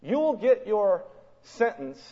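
A preacher acting out a scheming Roman governor. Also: male voice, high voice, big pitch swings, takes it slowly, voice pushed up, full character voice. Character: scheming Roman governor, middle-aged man. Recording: long hall reverb, dull lo-fi sound.

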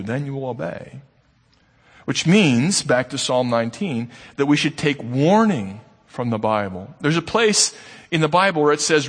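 A man's voice: mid-range voice, husky. A man preaching in an echoing hall. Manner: earnest storytelling, shifting between brisk telling and slow emphasis. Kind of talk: sermon with storytelling. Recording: long reverb of a large hall.

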